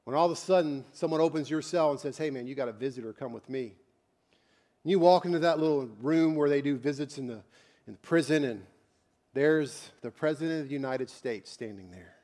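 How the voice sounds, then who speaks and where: A man's voice: fairly high pitch, a little fast. Man preaching a dynamic sermon. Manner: preacher who swings from quiet intimate asides to loud shouted climaxes; conversational, repeats and restarts words. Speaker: pastor.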